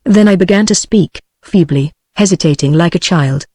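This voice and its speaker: A woman's voice: lowish voice, husky, dry recording. Synthetic British woman reading a novel. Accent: British English. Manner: even, unhurried text-to-speech delivery. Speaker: audiobook narrator.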